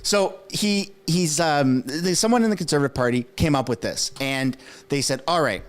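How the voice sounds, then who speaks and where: A man whose first language is French talks through politics in a casual, animated commentary. His voice sits a little high for a man, and he keeps checking in with quick rhetorical asides as he explains. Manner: animated, conversational, frequent "right?" asides; acts out quoted speech in put-on voices.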